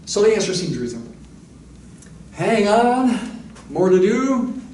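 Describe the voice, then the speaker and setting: A man with a fairly high voice works through equations in a recorded university lecture, thinking aloud as he goes. His voice echoes in the room and sits a little back from the microphone, with a faint hiss of noise behind it. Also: sing-song, a little slow, a little mellow, distant mic. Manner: explains step by step, thinking aloud with asides. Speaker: math lecturer.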